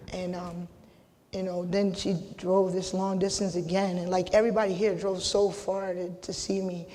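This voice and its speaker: A middle-aged woman holding back tears, giving a halting acceptance speech full of restarts and casual slang. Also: on the low side, mellow. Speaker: hall of fame inductee. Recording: long hall reverb.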